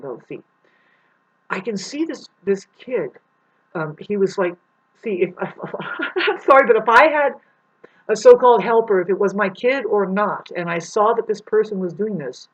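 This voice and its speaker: Husky woman telling a rambling story. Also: mid-range voice, muffled recording. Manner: rambling, swears, acts out the people in her story with big voice swings. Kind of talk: casual storytelling monologue.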